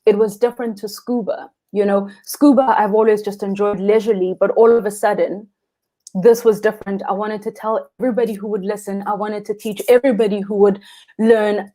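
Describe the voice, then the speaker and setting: A woman's voice: mid-range voice, level tone, fairly quick, mellow. A South African woman, a guest freediving instructor, telling a story animatedly, acting out quotes and laughing often. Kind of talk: casual interview storytelling.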